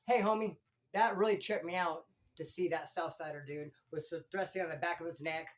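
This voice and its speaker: A former prisoner hosting his own channel, telling stories in animated street slang. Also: on the high side, normal speed. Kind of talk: casual storytelling vlog.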